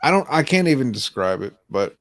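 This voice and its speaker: A man's voice: medium pitch, big pitch swings, brisk, no echo. A man co-hosting a casual livestream chat, rambling, interrupting himself and swearing casually. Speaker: co-host.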